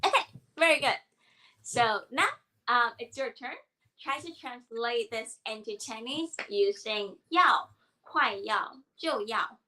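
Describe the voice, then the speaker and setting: A woman's voice: fairly high pitch, slow, bright, forceful tone, rough recording. A woman co-hosting a Chinese grammar lesson, explaining examples in an upbeat, encouraging way. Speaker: Chinese teacher.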